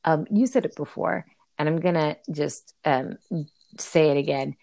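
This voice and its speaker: A woman's voice: low voice, measured pace, creaky, mellow, no room sound. A woman chatting casually and enthusiastically about a favorite film. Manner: enthusiastic, giggly. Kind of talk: casual movie discussion.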